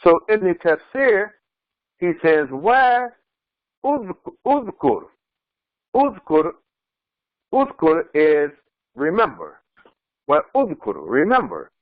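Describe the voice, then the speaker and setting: A man, an imam, giving a slow commentary on scripture and repeating and explaining Arabic terms. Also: a little high, big pitch swings, no echo, narrow, tinny audio. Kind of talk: Quran commentary lesson. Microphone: screen-sharing lesson recording.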